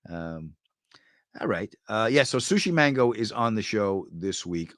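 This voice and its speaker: A middle-aged man hosting a podcast, chatting casually, telling animated stories and tossing off quick quips. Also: lowish voice, dry recording, clean studio sound. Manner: animated storyteller, quick quips and movie-line impressions. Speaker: podcast host. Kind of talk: casual chat reading viewer comments.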